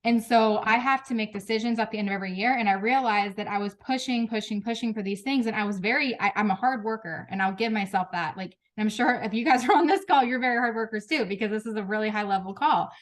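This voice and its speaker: A woman in her thirties speaking frankly and emotionally to her team on a group video call, with quick restarts and laughs. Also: medium pitch. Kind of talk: candid motivational talk.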